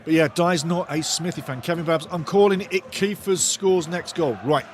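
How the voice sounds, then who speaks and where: A man hosting a live football watch-along, commentating excitedly, shouting at big moments and reading viewer comments aloud, often repeating his phrases. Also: on the high side, moderate pace, slight background noise.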